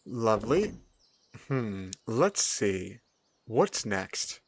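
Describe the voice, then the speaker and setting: A man's voice: on the low side, very slow, husky, no echo. A man giving casual, playful commentary while he plays a farming video game. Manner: animated, playful, chatty. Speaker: gaming video host.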